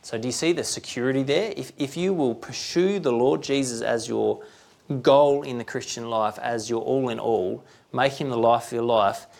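A man delivers a sermon in a conversational, down-to-earth preaching style, often pausing to ask his listeners rhetorical questions. His voice sits at a mid pitch with a gravelly, creaky texture. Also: darkish tone.

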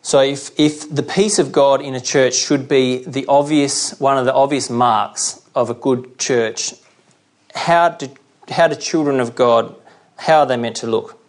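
A man preaches a sermon in a chatty, middle-pitched voice. He slows down for scripture readings and keeps checking in with his listeners. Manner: conversational, checks in with "okay?"; reads scripture slowly.

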